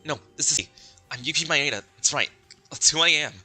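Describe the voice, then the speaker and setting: A man's voice: fairly high pitch, a little fast, pushed and bright, faint music behind, voice pushed up. A man reading a panicked young man in a game, frantic, stumbling and insistent.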